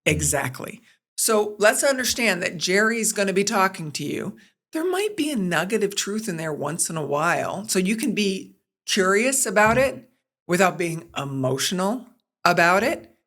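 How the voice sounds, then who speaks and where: With a mid-range voice at an ordinary pace, a middle-aged sports broadcaster and producer speaks as a podcast guest. Her conversational storytelling is animated, and she acts out each quote.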